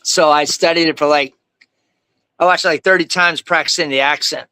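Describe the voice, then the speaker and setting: Bright-voiced man telling lively stories. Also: fairly high pitch, fairly quick, clean tone, no room sound, poor audio. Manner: animated, laughing, acts out quoted people. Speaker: guest. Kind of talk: casual storytelling.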